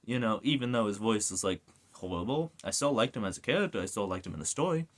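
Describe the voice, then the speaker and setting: A man's voice: lowish voice, fast. A man giving a casual ranting video review, swearing often and going off on tangents. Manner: animated, swears a lot, goes off on rants.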